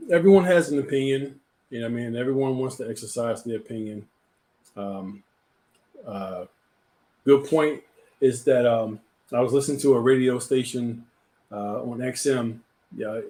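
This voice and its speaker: A man's voice: medium pitch, moderate pace, pauses often, a little mellow. A man hosting a live talk show, chatting casually and often repeating words as he gets a thought going. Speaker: host.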